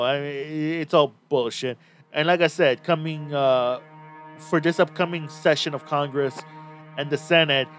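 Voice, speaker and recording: A man's voice: on the high side, a bit bright. A man hosting a podcast in casual chat, talking bluntly and swearing freely. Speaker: podcast host.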